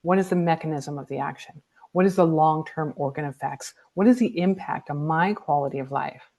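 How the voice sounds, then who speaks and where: A woman's voice: deep voice, brisk, darkish tone. A woman speaking as a guest in a candid conversation, blunt and emphatic, swearing freely. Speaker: guest, cancer survivor.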